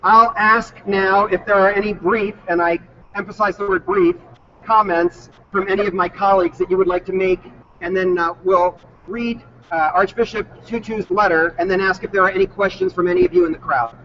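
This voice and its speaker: Man hosting a press event, fairly high voice, brisk and businesslike, muffled sound. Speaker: moderator of the press conference. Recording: dull recording with faint noise.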